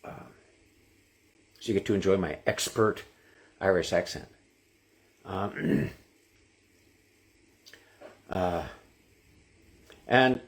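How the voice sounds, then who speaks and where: A man hosting a live stream, singing folk ballads over his own guitar and telling jokes in a halting, casual way. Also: sits low. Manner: slow, lingering ballad singing; halting, with many restarts. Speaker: musician and live-stream host. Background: acoustic guitar.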